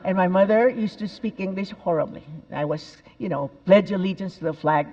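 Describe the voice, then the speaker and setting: An older woman tells stories on a big stage, animated and expressive, with sudden bursts of emphasis. Her voice rings through a large auditorium with a long reverb. The sound is a little dull and muffled. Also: on the low side, brisk, few pauses. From El Paso, Texas. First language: Spanish. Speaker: speaker at a TEDx event. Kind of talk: inspirational stage talk.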